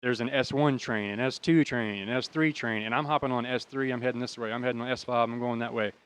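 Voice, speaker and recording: A man's voice: mid-range voice, steady tone, quick pace, fairly bright tone, clear, resonant tone. An American man in his thirties casually telling a rambling, profane story and laughing at his own bad luck. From United States. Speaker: podcast host.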